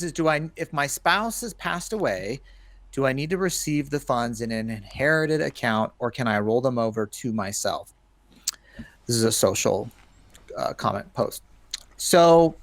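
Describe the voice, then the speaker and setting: A man co-hosting a podcast, calmly explaining a listener's question. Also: medium pitch, no echo. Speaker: podcast co-host. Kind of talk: casual podcast chat.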